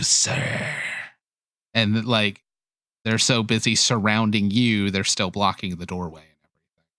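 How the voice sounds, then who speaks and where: A man running a tabletop game as game master, talking rules in a relaxed way with lots of fillers. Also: fairly low pitch, dry recording, clean studio sound.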